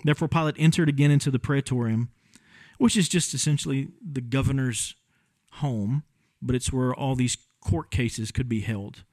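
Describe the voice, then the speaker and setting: A man preaching a sermon in a conversational, animated way. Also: medium pitch, moderate pace, no room sound, clean studio sound. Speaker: pastor.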